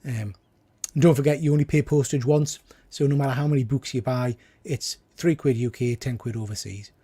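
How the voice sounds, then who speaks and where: A man chats enthusiastically while hosting a live stream. His voice is mellow and warm rather than bright. Now and then he drops into quieter, trailing asides. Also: mid-range voice, fairly even intonation, a little fast, slightly rough. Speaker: livestream host. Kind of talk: casual live chat.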